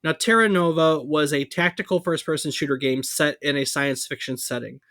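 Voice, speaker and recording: A man's voice: on the high side, brisk, a bit bright, no room sound, studio quality. A man co-hosting a podcast, talking casually through gaming history with fillers and asides. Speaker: podcast co-host.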